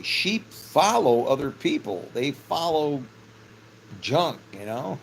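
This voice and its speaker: Slow, gravelly middle-aged man musing. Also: on the high side, sing-song, a little hiss or hum, rough recording. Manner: rambling, laughs often, casual swearing. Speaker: vlogger. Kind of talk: casual spiritual musing.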